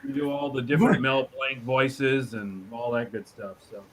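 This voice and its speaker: A man chatting casually, quick with jokes and quips. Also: medium pitch, fairly even intonation, crowd noise, low-quality recording. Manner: jokey, quick with quips and impressions. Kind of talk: casual chat.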